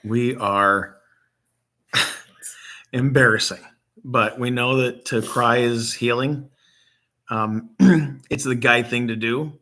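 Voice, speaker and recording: A middle-aged man from Michigan, a grieving father hosting a vlog, talks off the cuff with many pauses and ums, his voice catching as he nears tears. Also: mid-range voice, steady tone, pushed and bright. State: emotional, near tears. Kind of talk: unscripted casual talk to camera.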